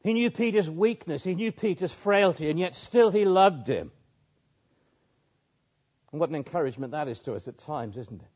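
A man preaching a measured expository sermon, with pauses and small restarts. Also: on the high side, animated, a little mellow. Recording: muffled lo-fi sermon recording.

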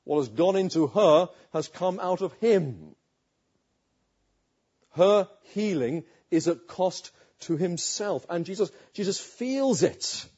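A man preaching a sermon, retelling a story with rhetorical questions and dramatic pauses. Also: high voice, lively intonation, a little mellow, husky, highs cut off.

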